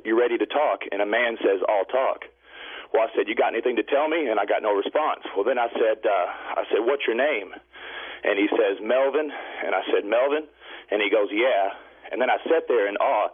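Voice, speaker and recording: A man phoning into a radio talk show, telling a long story in a rambling, halting way full of fillers. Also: fairly low pitch, slightly rough. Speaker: caller. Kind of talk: call-in storytelling. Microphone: telephone. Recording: tinny phone line.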